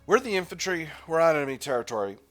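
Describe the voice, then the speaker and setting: Lively man thinking aloud while playing. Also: fairly high pitch, quick pace, faint music behind. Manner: thinks aloud, hesitant restarts. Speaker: gaming channel host. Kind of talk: let's play narration and reading aloud.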